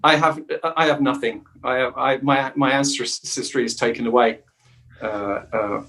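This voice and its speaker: A middle-aged man, a voice actor and dialect coach, answering interview questions in a lively storytelling way. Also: medium pitch, moderate pace. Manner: animated storyteller who slips into quoted voices.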